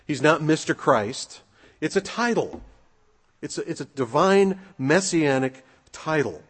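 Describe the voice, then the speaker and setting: Husky male preacher in a reverberant hall. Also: fairly high pitch, animated, a little slow. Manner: conversational preaching with rhetorical questions and fillers. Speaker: pastor. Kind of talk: sermon.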